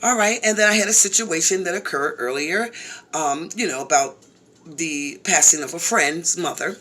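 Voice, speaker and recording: A woman vlogger telling her viewers a personal story in a casual, animated way, often repeating phrases. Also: low voice, moderate pace.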